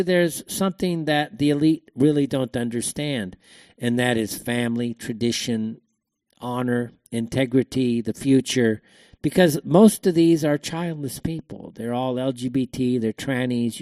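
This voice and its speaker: A man's voice: medium pitch, normal speed, a little mellow, no room sound, clean studio sound. A man hosting a show, giving a rambling, emphatic opinion monologue full of fillers and repeated words. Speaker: show host.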